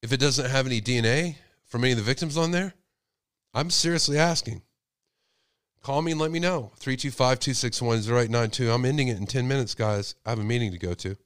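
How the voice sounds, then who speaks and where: A man's voice: mid-range voice, quick pace, a bit bright, smooth, no room sound. Guy with a cold running a call-in show, lots of rhetorical questions, dry sound. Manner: speculative, asks rhetorical questions. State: sick with a cold. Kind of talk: casual call-in show talk.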